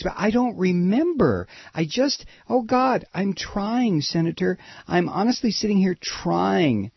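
A man's voice: sits high, gravelly, slightly rough, no echo, highs cut off, voice pushed up, exaggerated voice. A man putting on a flustered, self-pitying official who pleads that he cannot remember, in a mocking impression.

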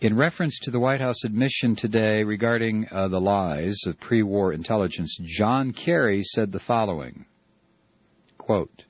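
A man's voice: lowish voice, normal speed, slightly rough, no room sound, lo-fi sound. A man hosting a political talk radio show, ranting with stammered repeats.

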